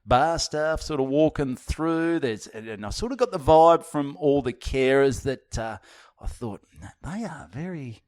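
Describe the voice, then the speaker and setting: A man's voice: medium pitch, lively intonation, measured pace, a little mellow, smooth. Rambling Australian comedian man. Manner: rambling, restarts sentences. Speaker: stand-up comedian. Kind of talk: casual storytelling with swearing.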